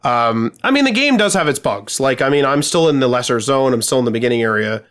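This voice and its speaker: A man's voice: medium pitch, animated, quick pace, fairly bright tone. A man co-hosting a podcast, telling a gaming story in casual chat, swearing freely and rambling with lots of fillers. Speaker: podcast co-host.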